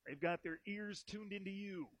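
A man hosting a casual sports chat over a video call from home, upbeat and quick to laugh. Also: sits high, no echo, poor audio. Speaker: podcast host.

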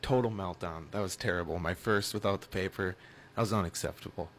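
A man co-hosting a sports radio show, chatting in a halting, rambling, self-deprecating way. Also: deep voice, a bit bright, a little hiss or hum. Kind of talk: casual sports talk.

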